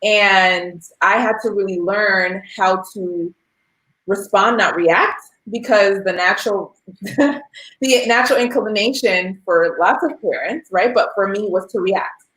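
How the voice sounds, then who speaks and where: A woman in her thirties shares parenting stories in a candid, conversational way, often acting out what was said. Her pitch sits in an ordinary middle range. The recording carries a noticeable roomy echo. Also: measured pace, fairly bright tone. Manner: candid, storytelling with quoted dialogue. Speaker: parent sharing experience. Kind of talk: casual discussion.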